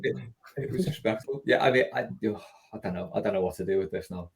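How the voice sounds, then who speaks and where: A man hosting a casual podcast chat, talkative and quick to laugh and tease. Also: lowish voice, gravelly, husky. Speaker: podcast host.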